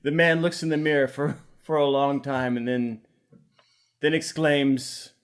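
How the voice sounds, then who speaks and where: A man co-hosting a comedy podcast who reads stage directions aloud in a slow, drawn-out, deadpan manner. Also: mid-range voice, smooth. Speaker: podcast co-host.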